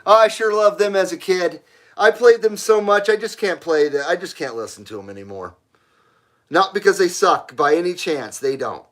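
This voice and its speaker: A man's voice: high voice, expressive, moderate pace, fairly bright tone. A middle-aged man hosting a casual live stream, reading viewers' messages aloud and answering bluntly, with frequent swearing and laughter. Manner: blunt, profane, laughs often.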